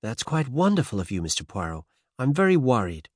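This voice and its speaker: A man's voice: medium pitch, big pitch swings, a little fast, darkish tone, no echo, clean studio sound. A male narrator voicing a determined American woman of about thirty with a faint American accent, earnest and worried. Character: determined American wife and mother around thirty. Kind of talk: audiobook character voice.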